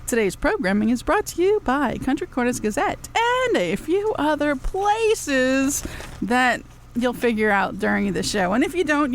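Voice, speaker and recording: A woman's voice: sits high, slight background noise. A woman host, chatting casually on live radio, rambling and cheeky, laughing often between phrases.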